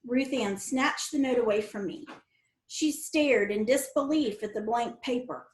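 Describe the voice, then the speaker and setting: A woman reading a novel aloud in first-person narration, with a lively storytelling manner. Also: fairly high pitch, a little slow. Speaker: audiobook reader. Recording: roomy echo.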